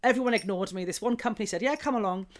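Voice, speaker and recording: A woman's voice: mid-range voice, rapid-fire. A woman guest telling bawdy stories in a casual interview, laughing often.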